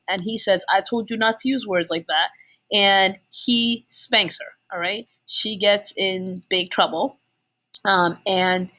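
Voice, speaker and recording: A woman's voice: medium pitch, bright, forceful tone. A woman teacher giving a casual chapter summary, chatty and full of fillers, often checking in with "okay?".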